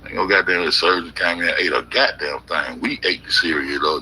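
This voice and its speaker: A man's voice: low-pitched, a little fast, hardly any pauses, sharp tone, poor audio. A middle-aged man giving rambling, joking, heavily profane reaction commentary on videos. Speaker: YouTube commentator.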